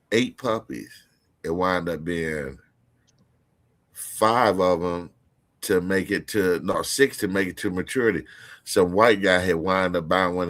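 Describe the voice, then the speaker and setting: A man's voice: deep voice, dry recording. A man telling a long, rambling story as a podcast guest, swearing freely and restarting his sentences.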